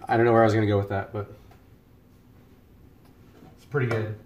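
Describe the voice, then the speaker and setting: A man's voice: lowish voice, little pitch movement, a little fast, a little hiss or hum. Rambling man streaming from his kitchen. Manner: joking, rambling, talks to chat viewers. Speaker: live-streaming home cook. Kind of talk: casual live-stream chat. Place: home kitchen. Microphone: headset.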